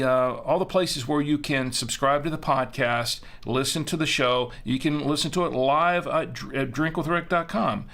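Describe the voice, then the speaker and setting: A man's voice: fairly high pitch, a bit bright. A man hosting a live-streamed show, chatting casually in a rambling way and correcting himself as he goes. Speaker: host.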